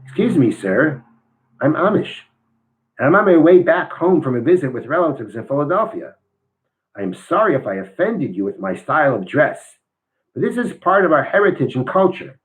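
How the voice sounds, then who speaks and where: A courteous young traveler, read aloud by a male teacher, speaking calmly and politely. He stays measured and gentle in a story read from a book. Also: a little high, poor audio. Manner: polite, apologetic. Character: calm young Amish traveler, polite man.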